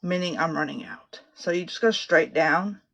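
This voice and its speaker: A woman's voice: lowish voice, normal speed, fairly bright tone, lo-fi sound. A middle-aged woman chatting casually through a makeup tutorial from a small home office closet. She rambles and swears freely. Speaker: makeup vlogger.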